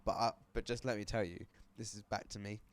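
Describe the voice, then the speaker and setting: Quick british guy rambling through a story, lots of restarts, chatty podcast vibe. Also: on the low side, steady tone. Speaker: guest host. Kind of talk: casual podcast chat.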